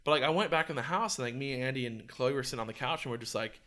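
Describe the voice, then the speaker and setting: Young guy on a podcast, bright tense voice, swears a lot telling his story. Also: medium pitch, very fast, a little hiss or hum. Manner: profane, animated storyteller. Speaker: podcast host. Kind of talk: casual storytelling.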